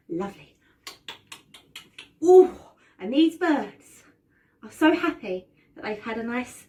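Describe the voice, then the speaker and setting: Recorded from a distance, a woman with a medium pitch and moderate pace narrates a children's story. She's a drama teacher, gasping dramatically and speaking expressively while she encourages the class to participate.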